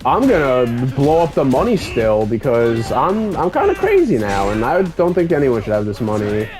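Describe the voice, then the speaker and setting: A woman's voice: a bass voice, huge pitch swings, moderate pace, darkish tone, faint music behind, full character voice. A man paraphrasing a defiant, unhinged woman. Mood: offhand.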